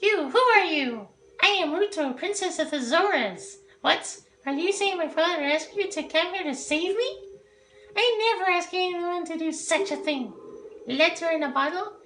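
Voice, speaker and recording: A woman's voice: extremely high pitch, lively intonation, normal speed, a bit bright, slight background noise. A woman voicing a bossy, proud young fish-girl princess who speaks imperiously and dismissively in a video game. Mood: haughty. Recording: echoey roomy sound.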